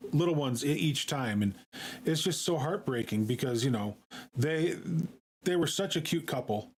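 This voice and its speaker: A man streaming, talking in a casual, halting way with many fillers and repeated words. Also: mid-range voice, darkish tone. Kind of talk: casual live-stream chat.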